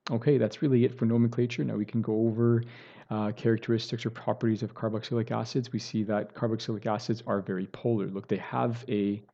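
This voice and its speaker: A man's voice: on the low side, little pitch movement, fast, gravelly, dark tone, highs cut off. A man teaching a recorded chemistry lecture, explaining step by step and often checking in with "right?" and correcting himself as he goes.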